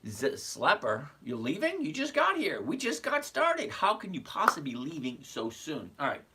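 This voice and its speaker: A man's voice: a little high, huge pitch swings, moderate pace, bright, forceful tone, slightly rough. A man in his sixties hosting a casual investing livestream, chatty and greeting viewers by name as he goes. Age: 60s.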